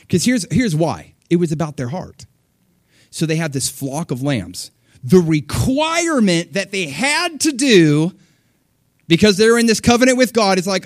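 A middle-aged man preaching a sermon, talking loosely and acting out voices with sudden jumps in pitch. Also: measured pace, no echo, clean studio sound. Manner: animated, acts out voices of people and God with sudden pitch jumps. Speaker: pastor.

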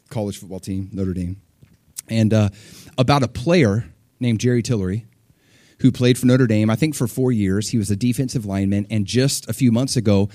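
A middle-aged man preaching a sermon, talking loosely and acting out voices with sudden jumps in pitch. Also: no echo, studio quality. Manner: animated, acts out voices of people and God with sudden pitch jumps. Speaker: pastor.

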